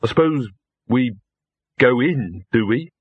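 A man's voice: mid-range voice, expressive, takes it slowly, slightly rough, no echo, dull audio. A man playing a nervous, earnest young man. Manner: hesitant, nervous. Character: anxious, earnest young man, easily flustered.

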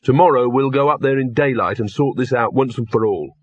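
A man voicing a thoughtful, earnest young man in an audiobook. His husky voice sits just above the narrator's, earnest and questioning, on a dull, dry recording. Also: mid-range voice, brisk, no echo, close to an everyday voice.

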